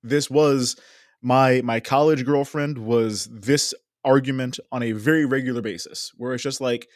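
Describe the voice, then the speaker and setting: A man's voice: mid-range voice, steady tone, a little slow, dry recording, studio quality. A man co-hosting a podcast, talking candidly in casual chat, swearing and rambling with restarts. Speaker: podcast co-host. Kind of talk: casual reality-show recap chat.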